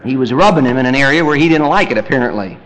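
A man preaching a sermon in an animated way, acting out family scenes and swinging from loud bursts to quiet, low asides. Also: racing, low-quality recording. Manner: animated, acts out family scenes in quoted voices.

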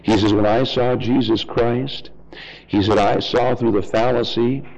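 A man preaching a fiery, blunt sermon in a folksy, mocking way, swinging from shouted highs to low asides. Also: fairly even intonation, unhurried, vocal fry, lo-fi sound.

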